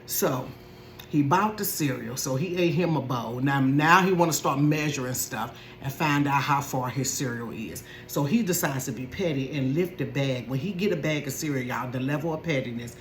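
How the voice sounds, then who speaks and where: A woman in her forties telling a comedic story in a sassy, animated way, laughing often. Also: very deep voice, moderate pace, a little hiss or hum. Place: bedroom. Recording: roomy bedroom echo.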